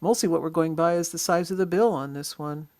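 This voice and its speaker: An easygoing birding instructor leads a slide-show lesson on identifying birds, with a voice of middling pitch. The talk is casual and often halts on ums and uhs while pointing out features in each photo. The sound is dry and close, with no room echo. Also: fairly quick, darkish tone. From Western Washington.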